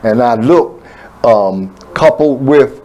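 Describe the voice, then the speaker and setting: An older retired man in a radio interview, recalling his career with many pauses. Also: mid-range voice, lively intonation, mellow, poor audio. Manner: reminiscing, hesitant with fillers. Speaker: guest. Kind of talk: casual interview talk. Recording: faint background noise.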